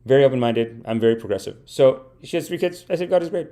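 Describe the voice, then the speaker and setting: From a home streaming setup, a man hosts a live comedy podcast, delivering a rambling, mock-earnest monologue of stories and praising himself. His mellow, medium-pitched voice is lively in intonation and he talks fast.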